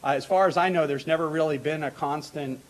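A man's voice: on the high side, fast talker. Rambling middle-aged male academic host. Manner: rambling, many fillers and restarts; informal asides with light laughter. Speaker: host introducing a panel. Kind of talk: lecture-hall introductory remarks.

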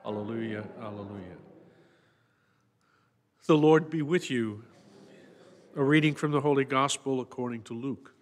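Male priest, mid voice, formal liturgical reading, church reverb. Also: mid-range voice. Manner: measured, formal recitation.

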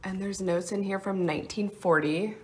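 A woman's voice: medium pitch, normal speed. A woman in her thirties, a lifestyle blogger talking casually into her phone while walking through her house. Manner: chatty, bubbly, excitable. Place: house interior.

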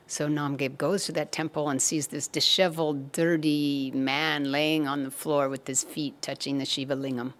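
Brief: woman storyteller, low voice, measured and unhurried spiritual telling. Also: level tone, fairly bright tone.

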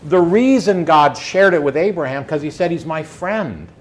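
Male preacher, slightly high voice, easy conversational sermon delivery. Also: animated, moderate pace. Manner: conversational, pleading, voices scripture quotes.

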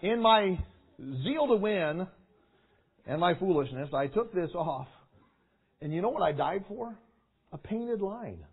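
A male preacher with a slightly high voice tells a story to a youth crowd and acts it out with energy. He bursts into shouts and sound effects. The recording is thin and tinny, like a phone line. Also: lively intonation, a little slow, long pauses, slight background noise. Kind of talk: storytelling sermon. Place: large meeting hall.

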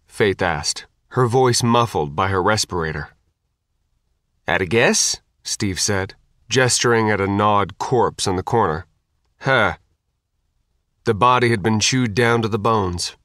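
A male audiobook narrator with a fairly low voice reads a scripted text in a measured, even style. The sound is clean studio quality with no echo.

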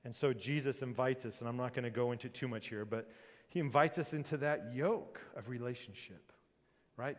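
A male pastor preaching a sermon with lively delivery, rising loud and dropping to a hush. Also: mid-range voice, moderate pace. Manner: lively preaching, swings between loud and hushed. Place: church sanctuary. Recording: long reverb of a church hall.

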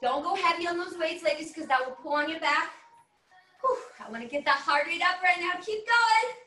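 A female instructor with an extremely high, pushed, bright voice and lively intonation talks at normal speed while leading an online workout and exercising. Slightly out of breath, she coaches upbeat and whoops with cheers. The recording sounds roomy and far away, made through a laptop mic on a video call at a distance.

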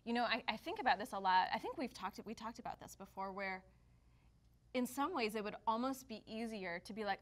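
A woman's voice: medium pitch, fairly quick. Reflective woman co-hosting a church talk. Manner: reflective, with frequent fillers and restarts. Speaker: church staff co-host. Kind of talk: casual devotional chat.

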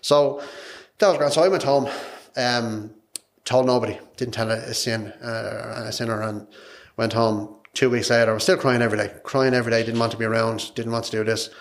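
A man's voice: mid-range voice, fairly even intonation, brisk. An Irish man, a podcast guest, telling a personal story in a frank, emotional, rambling way, repeating his words. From Ireland.

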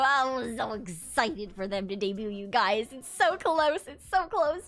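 A woman VTuber streamer chatting casually and excitedly with her viewers, swearing freely and laughing often. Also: mid-range voice, slow pace, faint music behind. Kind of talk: casual livestream chat with viewers.

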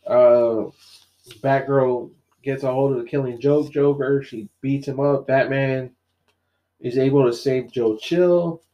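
A man's voice: medium pitch, slow, lo-fi sound. A man co-hosting a podcast, casually retelling a comic plot and quoting the characters as he goes, with lots of fillers. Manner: animated storyteller, quoting characters, many fillers. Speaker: podcast co-host. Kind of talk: casual chat recapping a comic.

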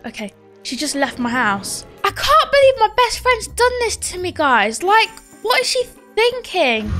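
A woman's voice: high-pitched, a bit bright. A young woman, narrating a game role-play in a chatty way, talking to viewers. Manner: chatty, talks to viewers as guys. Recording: faint background music.

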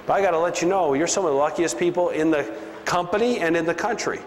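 A man giving a punchy, preachy motivational seminar speech to a sales crowd. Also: fast talker. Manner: preachy, punchy, drops into a low voice for emphasis. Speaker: business speaker. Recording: long hall reverb, faint ambience.

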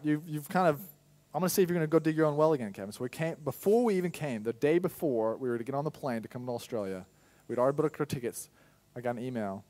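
In church, a young pastor recounts his life story frankly as a testimony sermon, now and then erupting loudly. His pitch is medium.

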